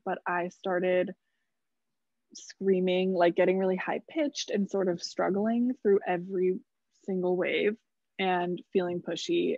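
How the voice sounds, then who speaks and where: A woman's voice: on the low side, creaky, darkish tone, no echo. A young woman telling a personal story in a casual podcast chat, full of "like" and some casual swearing. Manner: chatty, lots of "like", casual swearing. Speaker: guest telling her birth story. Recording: slightly dull, dry recording.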